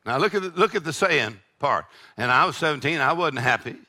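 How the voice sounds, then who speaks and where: A man, preaching a sermon with call-and-response, shouted peaks and laughing asides. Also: a little high, expressive, a little fast. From Texas. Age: 60s. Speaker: pastor.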